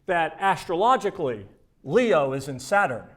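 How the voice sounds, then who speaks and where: A man's voice: a little high, sing-song, normal speed. A man telling a joke as a pompous show-off sidekick. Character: eager, self-important male sidekick showing off.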